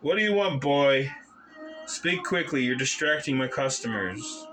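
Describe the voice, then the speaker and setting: A man's voice: medium pitch, animated, a little slow, background noise, voice pushed up, natural voice. A man voicing an impatient, grumpy old market merchant who snaps and shoos people away. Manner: snappy, dismissive, raised voice. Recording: background music under the voice.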